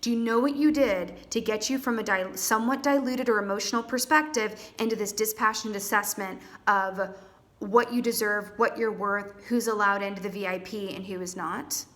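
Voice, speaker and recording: A woman's voice: medium pitch, fairly even intonation, moderate pace, a bit bright. A woman reading tarot cards to camera in a chatty, theatrical way, calling viewers honey and darlings. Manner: theatrical, trained stage performer. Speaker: tarot reader.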